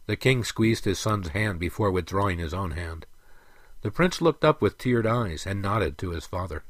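Low-voiced man narrating a fantasy story. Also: animated, normal speed, dry recording.

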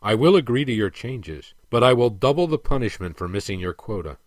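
A man voicing a cruel, contemptuous overseer who speaks slowly and menacingly, in a dry recording. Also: medium pitch, lively intonation, dry recording, natural voice. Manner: cold and menacing. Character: cruel, contemptuous male slave-master soldier.

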